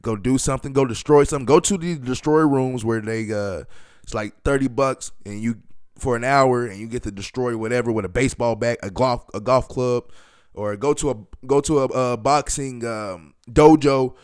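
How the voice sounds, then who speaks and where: A man hosting a solo podcast, talking loosely and emphatically, with many fillers and sudden bursts of excitement. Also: medium pitch, normal speed, clean tone, no room sound, studio quality. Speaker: podcast host.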